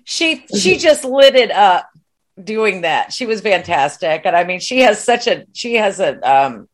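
A woman with an average-pitched voice co-hosts a relaxed podcast chat. She speaks with open enthusiasm, puts things bluntly, and laughs readily. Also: a little slow. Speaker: podcast co-host. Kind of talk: casual discussion of a TV series.

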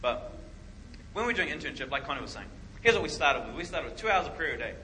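A man preaching a sermon, telling a story in an animated way and acting out what people said. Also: fairly high pitch, quick pace, a little hiss or hum, poor audio. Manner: animated storytelling with acted-out quotes.

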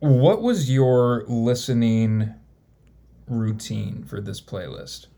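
A man's voice: medium pitch, takes it slowly, warm tone. A man hosting a casual music podcast, asking teasing questions. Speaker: podcast host.

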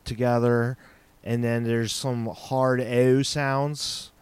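A man's voice: mid-range voice, level tone, slow pace, darkish tone, smooth, no echo. A man co-hosting a podcast, chatting casually in a laid-back way and laughing often. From New York, raised in Delaware. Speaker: comedian, podcast co-host. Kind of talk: casual chat.

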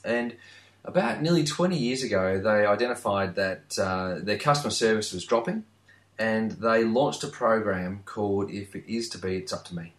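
A man's voice: lowish voice, normal speed, echoey room. A man, chatting earnestly as a podcast co-host. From Australia. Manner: earnest, emphatic, repeats phrases. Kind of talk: casual podcast chat.

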